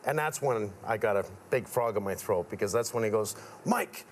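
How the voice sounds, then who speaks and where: Amid slight background noise, a middle-aged contractor on a talk show speaks fairly quickly in a lowish voice. He's a lively, casual storyteller who performs the voices of the people he quotes.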